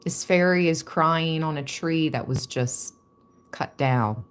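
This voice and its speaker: A woman giving a calm, reflective tarot reading to her viewers. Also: low voice, slow pace, slight background noise. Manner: calm and reflective, reading card meanings aloud. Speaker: tarot card reader.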